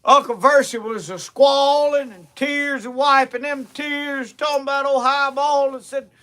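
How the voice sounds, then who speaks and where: A man's voice: extremely high pitch, steady tone, unhurried, pushed and bright. A man from the American South, telling a folksy tall tale in a drawl, stringing lines together with "said" and chuckling. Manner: drawling, repeats "said" constantly, chuckling. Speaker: storyteller. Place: live show stage.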